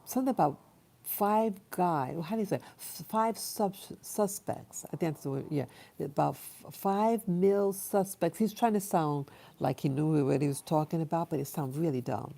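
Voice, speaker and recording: Slow, gravelly low-voiced woman rambling. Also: warm tone. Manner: halting, many fillers and restarts. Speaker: vlogger. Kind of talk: rambling personal storytelling.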